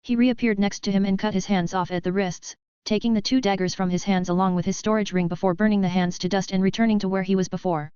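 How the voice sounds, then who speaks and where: A woman giving steady, scripted narration of a web novel as an audiobook narrator. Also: mid-range voice, quick pace, hardly any pauses, clear, resonant tone, dry recording. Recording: dry, slightly dull lo-fi recording.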